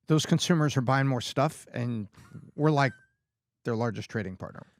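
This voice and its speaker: A man's voice: mid-range voice, normal speed, no room sound. A man talking on a podcast, thinking aloud and correcting himself as he goes. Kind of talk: casual podcast discussion.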